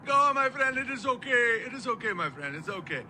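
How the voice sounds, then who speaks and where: A man's voice: extremely high pitch, big pitch swings, fairly quick, pushed and bright, a little hiss or hum, pitched above the performer's own voice, exaggerated voice. A man voicing a cheerful, soothing male taxi driver, talking in a sing-song, pleading way.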